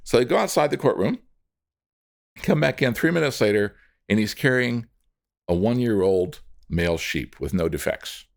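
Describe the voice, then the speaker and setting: A man's voice: mid-range voice, lively intonation, moderate pace, vocal fry. A man telling a dramatic story to an audience, addressing its members directly. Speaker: storyteller, speaker.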